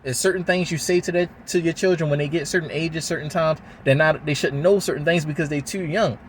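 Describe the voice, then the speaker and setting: A man's voice: on the high side, fairly even intonation, brisk, a little hiss or hum. A man from talking to the camera, venting in a heated, rambling way and swearing often. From Baltimore, USA. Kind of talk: emotional venting monologue.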